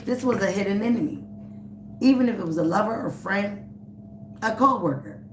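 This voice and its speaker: A woman reads tarot live, addressing the viewer directly and driving her points home with repetition. Her voice sits at a middle pitch. The room is echoey, and steady background noise runs under her. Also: moderate pace. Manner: emphatic and repetitive, speaking straight to the viewer. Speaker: tarot reader. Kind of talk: live-streamed tarot reading. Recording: roomy, noisy background.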